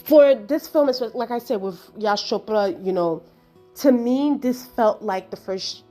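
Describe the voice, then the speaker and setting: A woman talks through a film in a loose, chatty review. She is animated and exasperated, piling on asides and laughter. Her voice sits at a mid pitch, with faint music underneath. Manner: exasperated storytelling, acting out her own reactions. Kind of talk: casual spoken film review.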